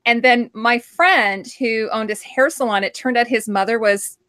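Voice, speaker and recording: A chatty middle-aged woman hosting a live show, with a fairly high voice. She tells stories with plenty of laughter and reads out the viewers' comments. The sound is close and dry. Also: moderate pace, pushed and bright, dry recording. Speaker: host. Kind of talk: casual chat on a live stream.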